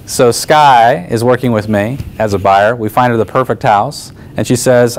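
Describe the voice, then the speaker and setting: Animated man teaching with retold stories. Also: mid-range voice, moderate pace, few pauses, slight background noise. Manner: animated, acts out both sides of dialogues. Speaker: real estate coach.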